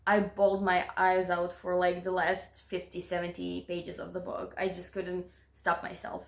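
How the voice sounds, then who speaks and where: A woman co-hosting a casual book chat, calm and earnest in how she describes a story. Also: lowish voice, moderate pace, creaky. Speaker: booktuber co-host. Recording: echoey room.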